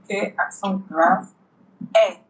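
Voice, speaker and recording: Woman french tutor, slow and patient, correcting how words sound. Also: medium pitch, steady tone, poor audio. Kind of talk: one-on-one language lesson.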